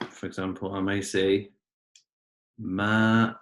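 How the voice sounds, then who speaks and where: A man teaching a class, patiently explaining words step by step and often clearing his throat. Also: deep voice, little pitch movement, slow, reverberant. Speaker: Arabic teacher. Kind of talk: online class lesson.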